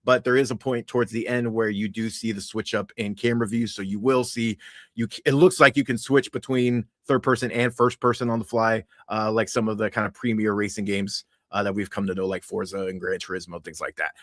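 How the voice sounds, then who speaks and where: A man's voice: lowish voice, flat delivery, fairly quick, no room sound, clean studio sound. A man co-hosting a podcast, talking earnestly in casual chat with many fillers. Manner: earnest, with frequent fillers and restarts. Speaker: podcast co-host.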